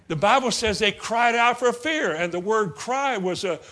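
A man preaching a sermon, swinging from loud outbursts to low murmurs and acting out Bible scenes. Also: lively intonation, unhurried, heavy background noise. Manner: acts out Bible scenes in character voices.

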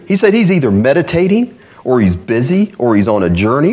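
A man preaching a sermon to a congregation, reading scripture aloud, asking the room for responses and leaping to emphatic high calls before dropping low and slow. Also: huge pitch swings, a little mellow, slightly rough. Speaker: pastor.

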